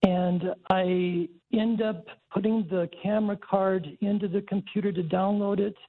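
A man from New Mexico calling a tech radio show, speaking slowly and politely. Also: sits high, vocal fry, husky. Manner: slow, careful, polite. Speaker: caller. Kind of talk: call-in radio chat. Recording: tinny phone line.

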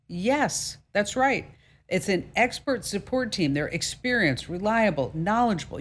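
A woman's voice: mid-range voice, expressive, unhurried. A woman hosting a radio tech talk show, brassy and jokey, with emphatic delivery and playful asides.

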